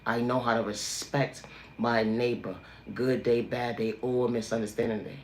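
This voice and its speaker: Addressing his livestream viewers directly, a man preaches a motivational monologue, repeating emphatic refrains sermon-style. His middle-range voice comes across flat at a normal speed, in an echoey room with a faint background hiss.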